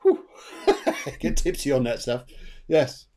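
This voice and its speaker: A man gives a live psychic reading over a video call. His pitch swings widely, and he rambles warmly and chattily, often repeating his words. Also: moderate pace. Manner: animated, chatty, trails off and repeats himself. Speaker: medium and co-host.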